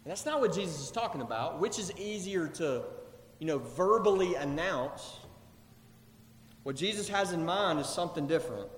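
A male pastor preaching a sermon in a church, animated, acting out quoted voices as he goes. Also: fairly high pitch, moderate pace, roomy sound, in a large hall. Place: church sanctuary.

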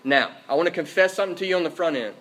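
Pastor guy preaching at church, kinda high voice, hammers his points over and over. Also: racing, fairly bright tone. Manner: emphatic, repeats key phrases, checks in with "Okay?". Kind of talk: sermon. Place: church service.

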